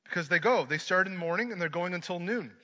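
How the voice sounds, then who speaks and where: A man preaching a sermon, swinging from hushed lines to loud ones and mixing in joking asides. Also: sits high, fast talker. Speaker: pastor. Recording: dull lo-fi sermon recording.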